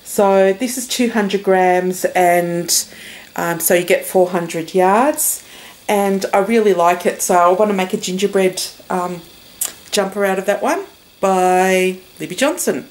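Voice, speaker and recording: A woman's voice: mid-range voice, a little slow, darkish tone. A woman with an Australian accent chatting casually in a knitting vlog, rambling and full of fillers and restarts. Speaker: knitting vlogger. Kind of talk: casual chat.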